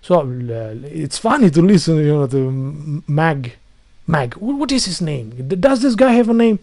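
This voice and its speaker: A man's voice: a little high, big pitch swings, normal speed, a little mellow, no echo. A man delivering an angry ranting monologue to viewers, full of insults, repetition and stumbling restarts. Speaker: video blogger.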